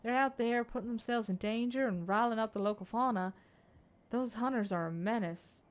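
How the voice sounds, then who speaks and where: A woman's voice: fairly high pitch, normal speed, lightly acted. A woman voicing a blunt young female chief surveyor in a video game, with a clipped British accent and a drawling, swearing manner. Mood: musing. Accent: British received pronunciation put on.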